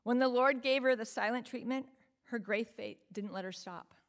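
A woman's voice: a little high, normal speed, a bit bright. A woman preaching a sermon in an earnest, emphatic way, often asking the listeners rhetorical questions.

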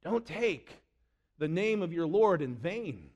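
A man preaching a sermon, dropping low and quiet for quoted scripture and rising for emphasis. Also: sing-song, slow pace, dull audio.

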